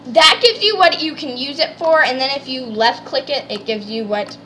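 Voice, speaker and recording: A woman hosting a let's play, chatting excitedly and explaining the game as she goes. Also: high-pitched, moderate pace, a little hiss or hum. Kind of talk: casual gameplay chat.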